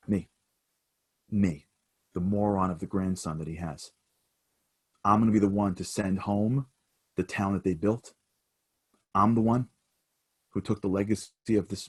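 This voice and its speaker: A man giving a motivational keynote, telling a dramatic story that swings from hushed to loud. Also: lowish voice. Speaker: motivational speaker.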